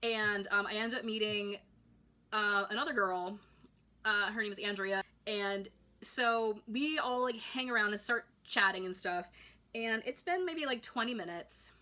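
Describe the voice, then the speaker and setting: A young woman tells a storytime to her camera in a bright, clear voice. She talks in a chatty, excitable rush, full of fillers and restarts. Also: medium pitch, a little slow. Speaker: vlogger. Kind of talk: casual storytime monologue.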